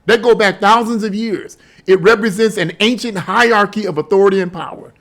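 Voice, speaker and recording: A male commentator with a high voice talks straight to his viewers in a casual opinion vlog. He is emphatic and scoffing, firing off rhetorical questions and repeating his points for weight. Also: fairly quick, a bit bright. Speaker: political commentator.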